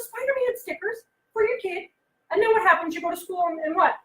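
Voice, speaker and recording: A woman coaching parents in a casual, animated talk, often acting out what kids say and asking the listener questions. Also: extremely high pitch, brisk, echoey room, low-quality recording. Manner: animated, acts out kids' voices, asks the listener questions. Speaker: behavioral consultant and life coach.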